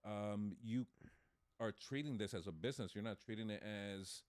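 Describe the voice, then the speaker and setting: A man's voice: on the low side, normal speed, a little mellow, smooth, dry recording, studio quality. A man co-hosting a casual podcast chat, hesitant and full of restarts, ums and laughter. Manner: laughs while telling stories. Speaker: podcast co-host.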